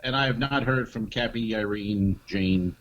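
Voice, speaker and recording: A man co-hosting a comedy podcast, telling an animated story and acting out the voices of the people in it. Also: fairly low pitch, unhurried, lo-fi sound, a loud crowd. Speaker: podcast co-host.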